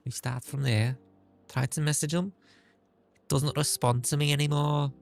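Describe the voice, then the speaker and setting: A man's voice: fairly high pitch, steady tone, unhurried, creaky, a little hiss or hum, pitched above the performer's own voice. A man streaming who puts on a cheeky, swearing Scouse accent as he chats casually. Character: chatty Scouse lad, the streamer's own put-on accent. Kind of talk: casual live-stream chat in a put-on accent.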